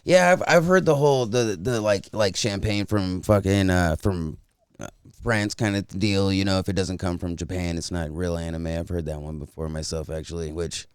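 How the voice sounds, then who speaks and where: A man's voice: low-pitched, moderate pace, smooth, no room sound, studio quality. A man hosting a podcast, asking curious questions in a casual style and swearing freely. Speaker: podcast host. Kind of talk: casual chat. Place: podcast studio.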